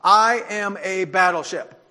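A man preaching a sermon who acts out a stern navy captain shouting orders over the radio, in a reverberant hall. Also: high voice, unhurried, voice pushed up, exaggerated voice. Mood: commanding. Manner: commanding, shouting.

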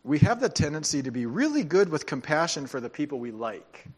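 A man preaching a sermon as pastor, speaking conversationally and dropping into quiet, emphatic asides. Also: on the high side, sing-song, a little fast, slightly rough.

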